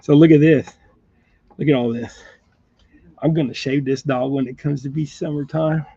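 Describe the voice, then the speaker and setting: A man with a gravelly voice chats casually while tying jigs at his bench indoors, rambling along and laughing often. The recording is dull and lo-fi and completely dry, with no room echo. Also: a little high, steady tone, normal speed, mellow. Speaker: fly and jig tier, channel host. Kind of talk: casual tying demonstration chat.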